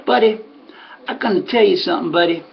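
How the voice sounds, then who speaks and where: A man's voice: high-pitched, fast, gravelly, dull audio, a little hiss or hum. A man imitating his horse owner, an older Southern man who drawls and keeps calling him buddy. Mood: confiding. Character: Ray, older male horse owner, folksy and confiding.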